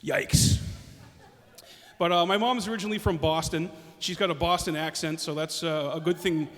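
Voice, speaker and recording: A male comic tells meandering stories, stumbling over restarts as he goes. His voice is high, and a long hall echo trails behind him. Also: fairly even intonation, fairly quick, a bit bright. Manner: rambling self-interrupting storytelling. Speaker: comedian. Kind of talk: stand-up storytelling. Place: stage in a reverberant hall.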